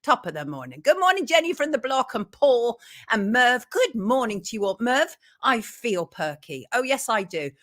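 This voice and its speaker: A chatty woman hosts a live morning show with a lively, up-and-down voice, greeting viewers warmly by name. Her pitch sits a little high for a woman. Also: moderate pace. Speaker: host.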